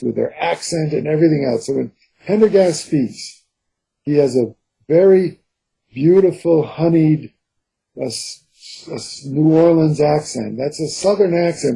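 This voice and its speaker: A man, a thriller co-author, explaining his writing in an interview in an earnest, unhurried way. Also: fairly high pitch, creaky, warm tone, husky, rough recording. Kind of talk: interview answers.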